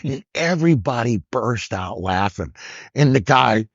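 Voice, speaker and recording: An older man, a comedian guest, telling stories in casual chat, laughing often and jumping into loud high voices when he quotes people. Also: expressive, moderate pace, creaky, breathy edge, dry recording, dull audio.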